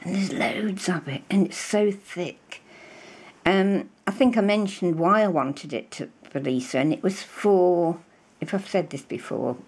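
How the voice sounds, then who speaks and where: Slow, gravelly older British woman. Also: lowish voice, a little mellow. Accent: British English. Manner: chatty, effusive, rambling with many fillers. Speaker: crafting vlogger. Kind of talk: casual show-and-tell chat.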